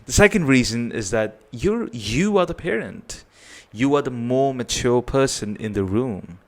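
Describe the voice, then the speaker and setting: A man's voice: medium pitch, animated, a little slow. A man giving earnest parenting advice, often checking in with "right?". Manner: earnest, repetitive, tags points with "right?". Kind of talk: advice talk to camera.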